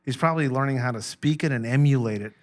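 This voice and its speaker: Man, podcast host, casual chat, mid-pitched voice, reactive, swears, stammers. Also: quick pace.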